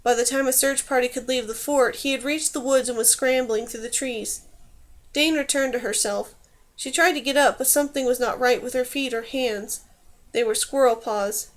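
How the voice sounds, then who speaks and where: A woman reading a fantasy novel aloud in steady, clear scripted narration. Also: high voice, moderate pace. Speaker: audiobook reader.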